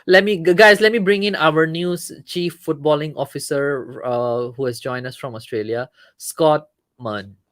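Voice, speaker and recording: A man's voice: fairly high pitch, moderate pace, fairly bright tone, dry recording. A man from Malaysia hosting a casual live-stream football talk show, chatting and reading out viewer comments. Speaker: show host.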